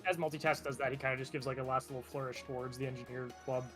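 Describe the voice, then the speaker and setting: A man's voice: medium pitch, fairly even intonation, very fast, fairly bright tone, soft background music. A man playing his character in a tabletop role-playing game, describing actions in a casual, hesitant way. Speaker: player.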